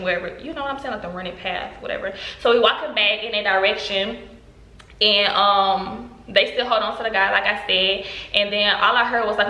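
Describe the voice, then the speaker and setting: Fast, bright-voiced woman telling a story. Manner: animated storytelling, acting out quotes with big pitch jumps. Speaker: vlogger. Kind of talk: storytime vlog. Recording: roomy echo.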